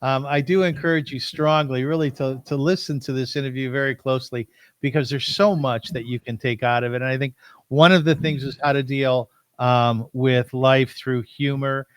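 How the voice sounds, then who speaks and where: A man's voice: medium pitch, steady tone, moderate pace, clean tone, no echo. A man hosting an interview podcast, speaking in an earnest, encouraging way. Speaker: podcast host.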